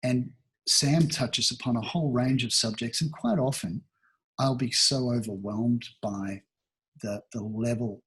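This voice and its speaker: Man, 60s, from Australia, airy and breathy voice, reflective interview guest. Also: medium pitch, a little slow, fairly bright tone. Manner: thoughtful, rambling, many restarts and fillers. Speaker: talent agency founder, guest.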